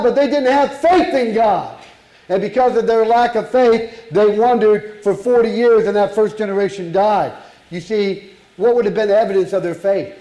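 A man's voice: high voice, moderate pace, warm tone, echoey room, low-quality recording. A man preaching a sermon to a congregation, emphatic and full of rhetorical questions.

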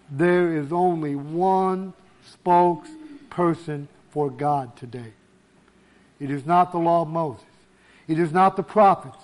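A man preaching a sermon, emphatic, slowing down to stress key words. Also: sits high, a little mellow.

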